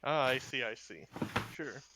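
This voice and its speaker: A man's voice: mid-range voice, animated, measured pace, noisy background. A man playing a tabletop character in his own voice, dry and curt. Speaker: player. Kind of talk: in-character role-play.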